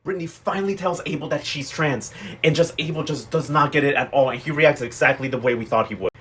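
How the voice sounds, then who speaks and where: A man's voice: on the high side, quick pace, a bit bright, a little hiss or hum. A young man recapping a TV novela in a sassy, dramatic, emotionally invested way. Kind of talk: casual pop-culture recap.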